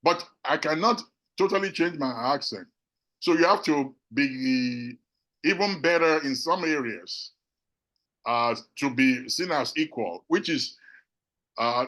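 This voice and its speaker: A man's voice: medium pitch, sharp tone, rough recording. Earnest immigrant man answering a panel. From abroad, immigrant to the United States. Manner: earnest, measured, reflective. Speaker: professor and physician on a panel.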